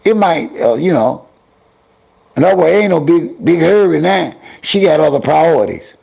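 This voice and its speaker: A man's voice: on the high side, animated, moderate pace, vocal fry, warm tone, husky. A middle-aged man hosting a casual livestream, talking straight to his viewers and chat in heavy slang and scolding them. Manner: heavy slang, drawling repetitions. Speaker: livestream host.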